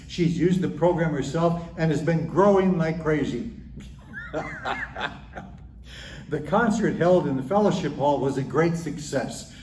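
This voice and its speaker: A man's voice: fairly high pitch, warm tone. A man, a pastor, telling church jokes as a chuckling storyteller. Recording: roomy, distant mic, faint hiss.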